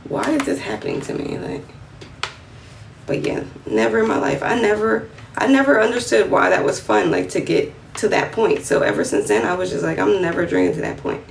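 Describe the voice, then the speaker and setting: A woman in her twenties with a New York accent, telling a story on a phone livestream in a lively, slangy way and acting out the other voices. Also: mid-range voice, brisk, gravelly. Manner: animated, slangy, acts out quotes in a raised voice. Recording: roomy, slightly distant phone audio with faint room noise.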